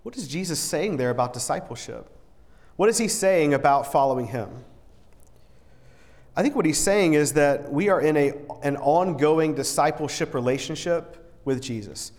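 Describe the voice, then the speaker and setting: A man's voice: fairly high pitch, lively intonation, moderate pace, a little mellow. Earnest preacher man in a reverberant hall. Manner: earnest and conversational, often repeats words and restarts. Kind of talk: sermon. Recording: long reverb in a large hall.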